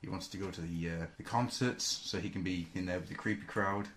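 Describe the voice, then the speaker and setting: A man's voice: low voice, fairly quick, a bit bright. A British man hosting a podcast, riffing goofily through casual banter and admitting he is tired. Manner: goofy, riffing on jokes, tired. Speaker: podcast host.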